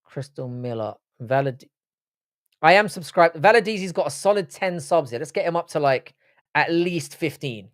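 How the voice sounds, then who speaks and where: A man's voice: a little high, lively intonation, normal speed, dry recording, studio quality. A man from Britain, hosting a live stream in casual chat, reading viewer comments and trading sweary, joking banter.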